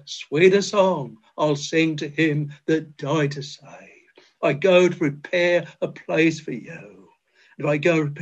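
Slow fervent older preacher man. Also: on the high side. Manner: fervent, tender, quoting scripture and hymns. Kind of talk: old-fashioned chapel sermon. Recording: dull lo-fi recording.

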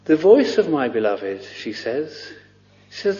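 A man's voice: on the high side, very animated, a little slow, mellow. A man preaching a sermon with fervent cries of "oh" and many repeated words. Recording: lo-fi recording with long reverb.

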